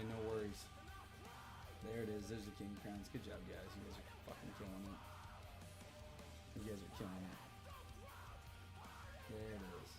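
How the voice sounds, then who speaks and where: A man in his thirties hosting a livestream, telling a story in a loose, profane, animated way. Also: lowish voice. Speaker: livestream host. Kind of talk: casual storytelling to a live chat.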